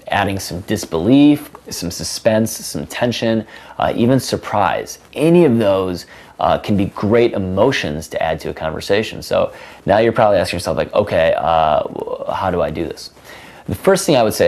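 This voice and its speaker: A man with a low voice explains dating tips in a loose, casual coaching talk. He fills his sentences with um and you know. When he acts out example lines, his voice leaps up with sudden energy. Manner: animated, acts out example lines with big pitch jumps; many fillers like um and you know.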